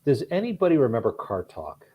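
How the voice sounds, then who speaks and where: A man's voice: medium pitch, huge pitch swings, brisk, lo-fi sound, heavy background noise. A man in casual chat with friends, telling stories with a chuckle, a new dad in his thirties. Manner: storytelling, chuckling.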